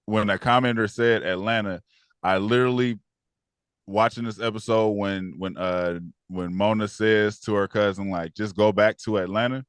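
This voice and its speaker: Animated man recapping TV, dry sound. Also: clean tone, dry recording. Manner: animated, acts out characters in high voices. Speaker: podcast co-host. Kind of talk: casual TV recap chat.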